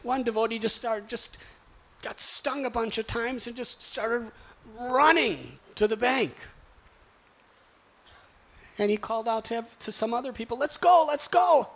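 Male speaker telling a story to a gathering, high voice, bright and lively. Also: measured pace, long pauses. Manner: animated, exclamatory, acting out sounds. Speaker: spiritual speaker.

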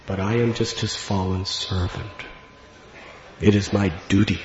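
A man's voice: low-pitched, fairly even intonation, measured pace, a little mellow, a little hiss or hum. A man voicing a frail, humble old male temple servant who pleads in a self-effacing, tearful way. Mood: humble pleading. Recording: dull lo-fi recording in an echoey hall.

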